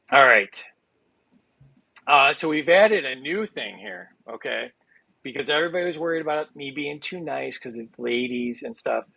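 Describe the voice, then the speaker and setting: This male host talks through his stream with a heavily gravelly, fry-filled voice that sounds bright and forceful. The mic is close and dry, with no room sound. He jokes loosely and fills the gaps with uhs and ums. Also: mid-range voice, lively intonation, unhurried, pauses often, no room sound. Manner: jokey, rambling with many fillers. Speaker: game show host. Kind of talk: casual game show hosting.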